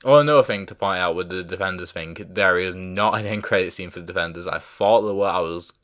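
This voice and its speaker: Speaking quickly in a low, fairly bright voice, this reviewer chats about a show with many fillers and restarts. When names slip his mind, he stops to apologise.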